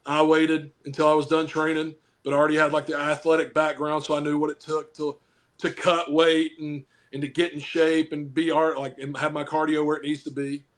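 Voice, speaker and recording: A man's voice: a little high, little pitch movement, fairly quick. A man who wrestles professionally and coaches football, chatting casually on a podcast, rambling and joking while he hands out blunt advice.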